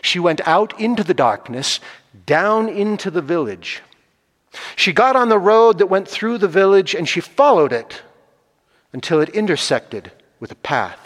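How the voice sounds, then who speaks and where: A man telling a folk tale, slow and deliberate, swinging from loud passages to hushed ones. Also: high-pitched, sing-song. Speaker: storyteller. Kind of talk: oral storytelling. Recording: long hall reverb.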